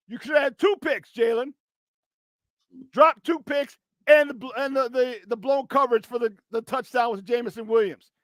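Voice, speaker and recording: A man hosting a sports talk show, ranting bluntly and profanely with a voice strained from yelling. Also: very high-pitched, moderate pace, dry recording, clean studio sound. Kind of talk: sports talk radio rant.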